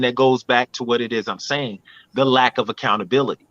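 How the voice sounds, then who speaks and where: A man's voice: mid-range voice, fairly even intonation, brisk, a bit bright, dry recording, lo-fi sound. A man co-hosting a podcast, arguing his point in a blunt, preachy and profane way. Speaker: podcast co-host. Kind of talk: casual podcast debate.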